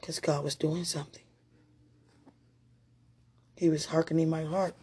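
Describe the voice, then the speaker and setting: A woman's voice: low voice, little pitch movement, measured pace, mellow, slightly rough. A woman giving an emotional personal testimony, talking straight to her partner in a heartfelt, rambling way with prayerful asides.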